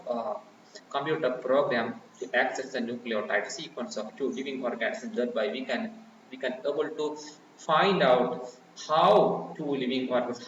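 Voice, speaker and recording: A man teaches from his slides, circling back over his own phrases with plenty of fillers. His voice sits a little high and sounds far from the mic. The recording is very echoey and dull, with faint background noise. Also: a bit bright. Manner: repetitive, many restarts and fillers. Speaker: lecturer. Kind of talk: explaining slides in a recorded lecture.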